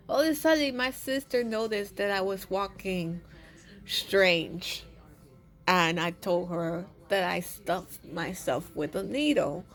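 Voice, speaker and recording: A woman's voice: medium pitch, a bit bright, slight background noise. A young woman casually telling a personal story, rambling and restarting her sentences often. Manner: rambling, with many restarts and repeated words.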